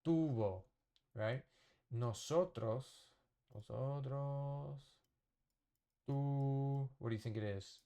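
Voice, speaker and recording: A man teaching a casual lesson at a whiteboard, explaining slowly and patiently, often checking with "okay?". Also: mid-range voice, warm tone, clean tone. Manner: slow, patient explaining with fillers and repeated checks. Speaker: Spanish teacher.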